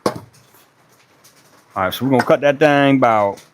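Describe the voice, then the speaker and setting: A man's voice: medium pitch, normal speed, slight background noise. A man from Charleston with a Gullah Geechee accent, chatting casually and swearing now and then as he talks to livestream viewers while working in his woodshop. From Charleston, South Carolina. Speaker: woodworking livestream host.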